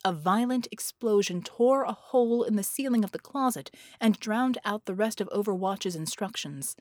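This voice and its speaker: A woman's voice: mid-range voice, moderate pace, a little mellow. Woman narrating an audiobook. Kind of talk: scripted narration.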